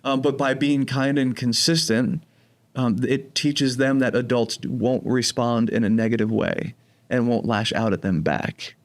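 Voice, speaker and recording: Calm New Jersey man explaining treatment. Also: mid-range voice, a little slow. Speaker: program director of teen residential treatment. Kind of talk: podcast interview.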